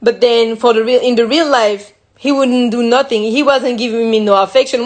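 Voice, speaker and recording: French woman frankly recounting, slightly high. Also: fairly even intonation, normal speed. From France. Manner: emotional and frank, with frequent restarts and slips. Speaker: guest. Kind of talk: candid personal recounting.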